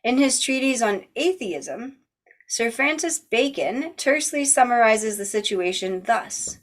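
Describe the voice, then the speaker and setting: A book club host with a slightly high voice reads a philosophy text aloud at a measured, even pace. Now and then she stops to add casual, chatty asides.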